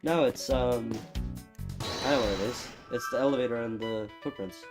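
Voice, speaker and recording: A man chats casually over his gameplay, thinking aloud and poking fun at himself in a rambling, easygoing way. Game music plays clearly beneath his voice. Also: mid-range voice, normal speed. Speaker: let's play gamer.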